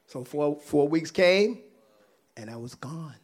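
A man telling a personal faith testimony in a casual, animated way, laughing often and swinging between loud and hushed. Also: a little high, slow. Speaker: guest sharing a personal testimony.

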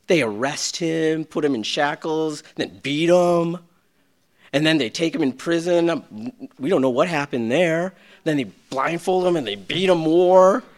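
A middle-aged male pastor preaching with a high, lively voice that leaps up and drops to a hush. His tone is bright and sharp, and he jokes at his own expense. He moves from loud peaks to near-whispers. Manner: animated, swings from loud to hushed; self-deprecating humor. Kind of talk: sermon.

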